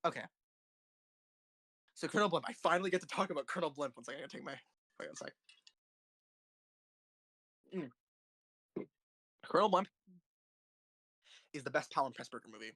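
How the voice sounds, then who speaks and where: Young male host, fast and heated, raving and cursing over favorite films; dry, close recording. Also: on the high side, lively intonation, sharp tone, dry recording. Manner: rambling, passionate, swears often. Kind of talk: casual film commentary.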